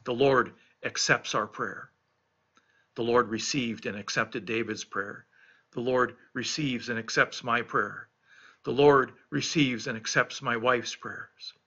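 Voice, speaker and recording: Earnest pastor with a bright voice. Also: male voice, medium pitch, steady tone, slow pace, husky, dull audio. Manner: earnest, emphatic, repeats key phrases. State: recovering from illness. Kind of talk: devotional reflection on scripture.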